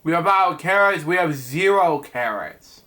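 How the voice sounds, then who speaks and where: A man's voice: a little high, lively intonation, a little slow, sharp tone, slight background noise, pitched below the performer's own voice. A man voicing a flustered male monster waiter from a storybook, reading his lines in a fumbling, apologetic way.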